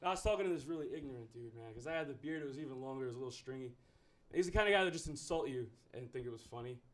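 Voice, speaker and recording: A man's voice: medium pitch, lively intonation, very fast. A man doing a stand-up comedy set, rambling, profane and self-mocking.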